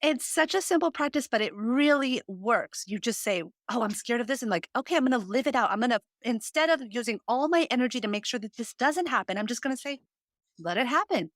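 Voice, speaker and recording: A woman's voice: on the high side, animated, a little fast, no room sound. A woman in her thirties hosting a podcast, telling a personal story in an earnest, heartfelt way with lots of fillers. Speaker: podcast host. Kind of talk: casual chat.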